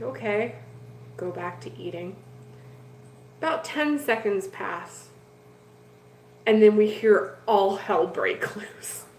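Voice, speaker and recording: A woman's voice: on the high side, a little hiss or hum. Chatty woman telling a story, echoey room. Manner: chatty, laughs often, lively retelling. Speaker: betta fish channel host. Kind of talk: casual storytelling to viewers.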